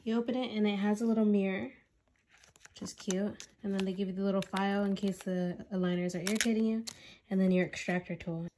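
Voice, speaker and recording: A woman's voice: medium pitch, fairly even intonation, fairly quick, darkish tone, slight background noise. A woman vlogging a casual unboxing, chatty and thinking aloud, speaking with a slight lisp from new aligners. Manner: chatty, thinking aloud while handling items.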